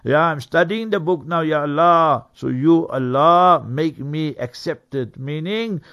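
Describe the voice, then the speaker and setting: A man with a somewhat raised pitch teaches like a preacher on the radio. He talks earnestly and leans on key words for emphasis. Now and then he breaks into quick Arabic recitation. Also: fairly bright tone. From South Africa. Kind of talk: religious talk on Quran verses. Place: radio studio.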